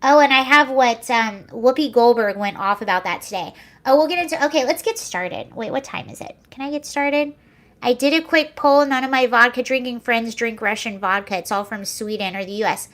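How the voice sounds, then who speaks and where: At normal speed, a young woman with a slightly high and a bit bright voice hosts a casual livestream, being sarcastic, laughing frequently, and addressing viewer comments.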